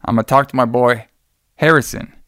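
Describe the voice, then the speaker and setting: A man barely shifting his voice to play an impatient doctor who wants rational answers. He is blunt and exasperated, with a smooth tone. It is recorded close in a dry room. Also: mid-range voice, fairly even intonation, a little fast, sharp tone, no room sound, close to an everyday voice. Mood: insistent. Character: a skeptical, impatient male doctor.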